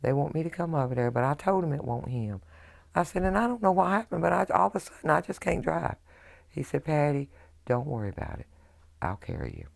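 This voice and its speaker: Middle-aged woman, gravelly voice, halting emotional testimony. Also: low voice, sing-song. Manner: halting, emotional recounting with quoted dialogue. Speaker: widow telling her story.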